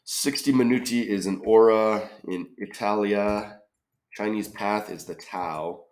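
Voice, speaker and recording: Man, very low voice, slow pace, thinking aloud, tentative, questioning. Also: fairly even intonation, a little mellow. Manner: muses tentatively, trailing off with questions. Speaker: crossword solver. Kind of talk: thinking-aloud puzzle solve.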